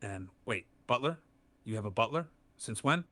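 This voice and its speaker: A man's synthetic AI voice answering in a calm, good-natured, measured way. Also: on the low side, no room sound. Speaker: AI chat companion. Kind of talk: conversational AI replies.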